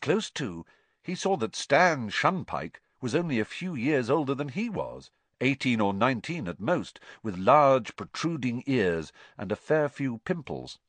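A man narrating an audiobook with a lively, rising and falling delivery. His voice sits at an ordinary middle pitch, and the recording is close and dry with no room echo. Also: a little slow. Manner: expressive storytelling.

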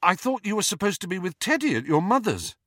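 A brave teenage wizard rushes out his words with urgency, his voice pitched higher than a grown man's. The tone is bright and pressing, and a man acts him out for an audiobook. The recording is dry and close. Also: sing-song, no echo, full character voice. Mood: earnest. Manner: fast, urgent. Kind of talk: audiobook character voice.

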